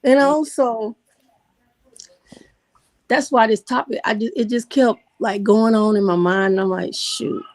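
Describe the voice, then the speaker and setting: A middle-aged woman co-hosting a casual talk show, telling candid stories in relaxed Southern American phrasing. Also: on the high side, measured pace, pauses often. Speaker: podcast co-host. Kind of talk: casual conversation.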